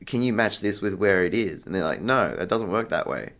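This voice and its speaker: A man's voice: low-pitched, lively intonation, brisk, a bit bright. A young man being interviewed, chatting casually and acting out the exchanges in his story, with lots of fillers. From Australia. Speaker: interview guest, artist.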